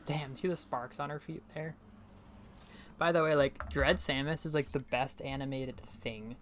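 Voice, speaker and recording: Chatty low-voiced young woman streamer. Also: steady tone, measured pace, a little hiss or hum. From New England. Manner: chatty, rambling, heavy on fillers and frequent laughs. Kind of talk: casual gameplay commentary.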